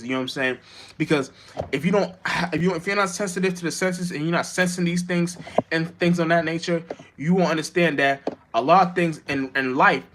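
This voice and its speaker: A man, talking in a rambling, halting spiritual monologue full of restarts and slang, with sudden emphatic bursts. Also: a little high, fairly bright tone. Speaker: vlogger.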